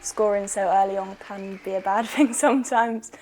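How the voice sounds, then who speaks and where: A woman footballer giving a measured interview about her team's matches, with frequent pauses and fillers. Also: medium pitch, fairly even intonation, darkish tone. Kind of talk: post-match interview reflection. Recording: music bed and crowd noise behind.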